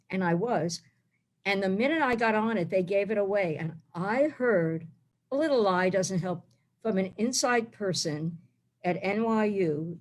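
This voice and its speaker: A woman in her forties from the Bronx doing a blunt, rambling stand-up set over a video call. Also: mid-range voice. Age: 40s. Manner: brash, rambling, blunt storytelling. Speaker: stand-up comic.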